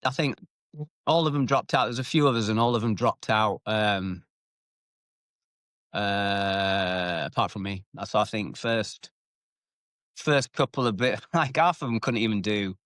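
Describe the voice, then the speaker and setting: This retired British fighter speaks in a fairly low, unhurried voice, pausing often as he spins loose, profane stories on a casual interview. He's animated, swears plenty and acts out shouted quotes, recorded close and dry with no room sound.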